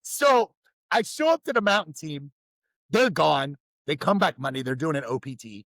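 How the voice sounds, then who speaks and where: A man's voice: on the high side, expressive, normal speed, fairly bright tone, dry recording. A man co-hosting a podcast, telling rambling, profane stories in a casual chat. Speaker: podcast co-host.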